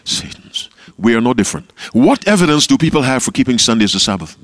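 A man preaching a sermon as pastor, asking his listeners questions and answering them himself, with quotes acted out softly. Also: medium pitch, sing-song, fast, no room sound. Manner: call-and-response preaching, questioning the audience. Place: camp meeting talk.

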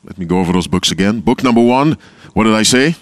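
A man preaching a sermon as pastor, asking his listeners questions and answering them himself, with quotes acted out softly. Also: fairly low pitch, animated, quick pace, dry recording. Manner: call-and-response preaching, questioning the audience. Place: camp meeting talk.

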